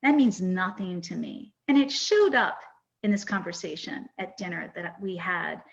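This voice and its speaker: A woman's voice: on the low side, expressive, moderate pace, gravelly. A woman in her fifties hosting a podcast, telling a personal story in an earnest, reflective and emotional way. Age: 50s. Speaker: podcast host. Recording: dull lo-fi sound.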